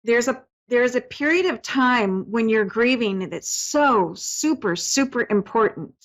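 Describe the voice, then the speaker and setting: A woman's voice: on the high side, expressive, measured pace, rough recording. A woman hosting a call-in psychic reading, talking in a soothing, reassuring way with many fillers and restarts. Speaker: psychic medium host.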